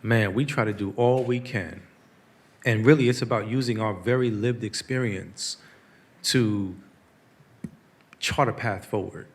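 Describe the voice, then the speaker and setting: A man's voice: fairly low pitch, measured pace, long pauses. A man in his forties from the United States, speaking as a guest in an earnest, storytelling way at a public talk. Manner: earnest, storytelling, acts out quotes.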